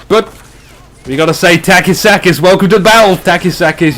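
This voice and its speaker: A man's voice: fairly high pitch, moderate pace, slight background noise. Chatty gamer man commentating a match. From Australia. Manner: chatty, excitable, jokey. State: hiccuping. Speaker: game commentator. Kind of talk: live strategy game commentary.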